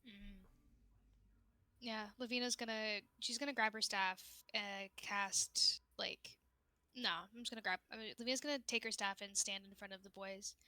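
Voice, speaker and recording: A woman's voice: medium pitch, fairly even intonation, moderate pace, sharp tone, no echo. A woman playing a tabletop game, talking casually and correcting herself as she goes. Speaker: player.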